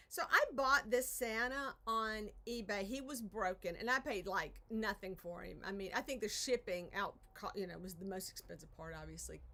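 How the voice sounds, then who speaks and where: A woman's voice: mid-range voice, fairly bright tone. A woman hosting a casual craft live stream from her home art studio, chatting in a rambling way, interrupting herself and sighing over her troubles. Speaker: craft channel host.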